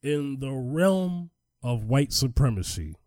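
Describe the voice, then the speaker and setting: A man co-hosting a casual podcast chat, talking in an animated, emphatic way as he tells a story. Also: medium pitch, takes it slowly, dry recording, clean studio sound. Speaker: podcast co-host.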